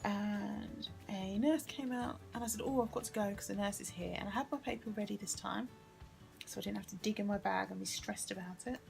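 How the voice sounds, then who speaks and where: Weary, gravelly woman vlogger. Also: medium pitch, brisk, faint music behind. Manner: weary, emotional recounting with sighs and self-correction. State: tired. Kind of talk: tearful personal storytelling vlog.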